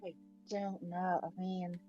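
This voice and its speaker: A woman's voice: on the low side, little pitch movement, slow pace, dark tone, dull audio, soft background music. A woman playing in a tabletop role-play game who talks in a hesitant way, full of "like" and restarts. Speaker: player.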